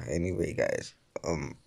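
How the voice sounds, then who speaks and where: A man's voice: a bass voice, slow, vocal fry, darkish tone, breathy edge. A young man doing casual gaming vlog commentary, frustrated, swearing a lot and dropping into whispers. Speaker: mobile game YouTuber.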